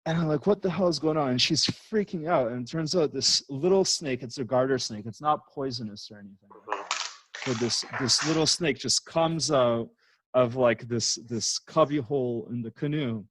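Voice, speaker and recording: A man's voice: mid-range voice, moderate pace, noisy background. A man from Canada, a podcast guest, chatting casually and rambling through stories with lots of fillers. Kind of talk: casual chat.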